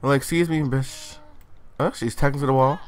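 A man's voice: mid-range voice, fairly even intonation, moderate pace. A young man in his late teens giving sassy, chatty let's-play commentary with playful exclamations. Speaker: gaming channel host.

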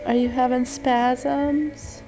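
A young mother talking softly to her sick son, coaxing him with gentle, sing-song questions. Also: high-pitched, level tone, takes it slowly, faint music behind. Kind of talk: tender talk to a sick child.

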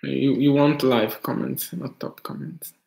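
A man from Italy chatting casually on a live stream as a guest, soft-spoken and self-deprecating, chuckling often. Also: medium pitch, flat delivery, a little slow, creaky, reverberant, slight background noise, low-quality recording.

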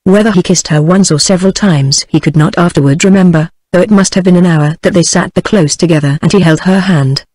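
A text-to-speech voice of a woman with a British English accent, reading a novel aloud with an even, synthetic cadence. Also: fairly low pitch, a little fast, hardly any pauses, dry recording. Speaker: audiobook narrator.

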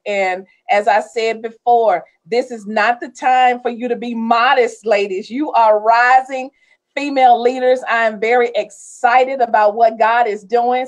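A woman hosting a ministry talk show, effusive and preachy, introducing guests with frequent amens. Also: fairly high pitch. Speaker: host.

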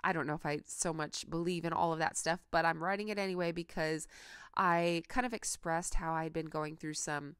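A woman's voice: deep voice, steady tone, moderate pace, fairly bright tone, smooth. A woman talking casually in a crafting vlog, chatty and gushing with lots of fillers, working at a craft table at home. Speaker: crafting vlogger.

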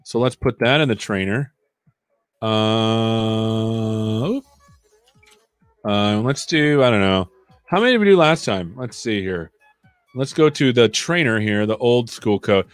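A man's voice: fairly low pitch, lively intonation, slow, pauses often, clean tone, no echo, soft background music. A man hosting a live coding stream, chatting casually and joking while he thinks aloud.

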